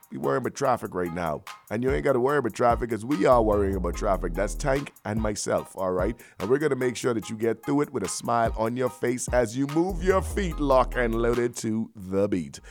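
A man hosting morning radio, rattling off banter with lots of slang and energy. He sits at a middle pitch, neither deep nor high. Soft music plays low behind him. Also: fairly quick. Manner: energetic, rambling hype talk with slang. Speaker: morning radio show host.

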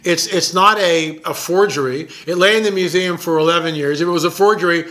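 A man with a bright, forceful voice, a little higher than most, talks through a story about his own documentary. He is excited and emphatic and often repeats words as he builds his point. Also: fairly quick. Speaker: documentary filmmaker. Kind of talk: casual storytelling monologue.

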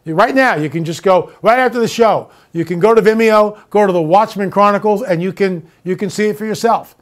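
High-pitched emphatic man. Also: brisk. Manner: emphatic, mocking, drops to a hush for tense moments. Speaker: show host. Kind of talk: opinionated monologue and storytelling.

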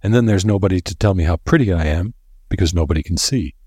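A man's voice: deep voice, quick pace, a little mellow, husky, no echo. A man voicing a cheerful, blind young noblewoman in a lilting, lifted voice. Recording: dry close recording.

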